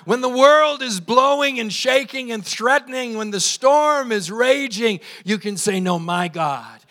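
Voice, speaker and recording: High-voiced guy preaching at church, bright edgy tone, fired up, scripture and call and response. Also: unhurried. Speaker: pastor. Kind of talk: sermon. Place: church service.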